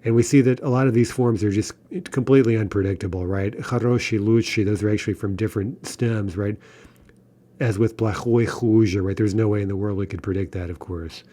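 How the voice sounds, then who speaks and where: A man teaching a recorded grammar lesson, explaining step by step, checking in with "right?" and reading example words slowly. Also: fairly low pitch, steady tone, mellow. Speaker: language teacher.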